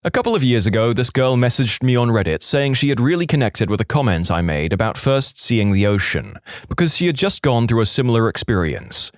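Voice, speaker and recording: A man reading listener stories aloud as a narrator, with a lively storytelling delivery. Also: mid-range voice, brisk, few pauses, dry recording, clean studio sound. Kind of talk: scripted narration.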